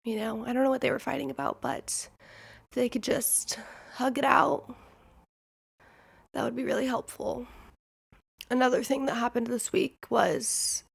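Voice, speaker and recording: A woman's voice: fairly high pitch, steady tone, normal speed, vocal fry, pauses often, husky. A woman from Nebraska with a Midwestern accent, hosting a podcast and telling candid, rambling stories in casual chat. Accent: Midwestern American. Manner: rambling, candid storytelling with frequent "like". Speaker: podcast host.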